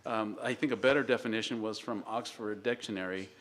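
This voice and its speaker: A man presenting as city engineer at a public meeting, measured and hesitant with fillers. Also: on the low side, steady tone, fairly bright tone.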